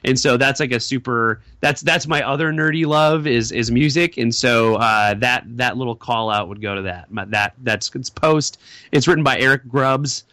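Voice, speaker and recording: A man's voice: medium pitch, normal speed, pushed and bright, no echo. A man hosting a casual podcast, rambling with many fillers and restarts. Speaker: podcast host.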